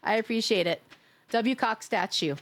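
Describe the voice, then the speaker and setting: A woman's voice: fairly high pitch, moderate pace. A woman from New York chatting casually and teasingly with her viewers while live-streaming a game, laughing often.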